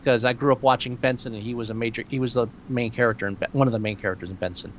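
A man co-hosting a podcast in casual movie chat, wry and opinionated, quick to joke. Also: medium pitch, steady tone, a little hiss or hum. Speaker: podcast co-host.

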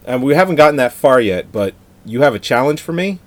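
A man's voice: medium pitch, lively intonation, a little fast. Laid-back man telling stories on a podcast. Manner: laid-back storyteller, laughs easily. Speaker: podcast co-host. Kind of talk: casual movie-review chat.

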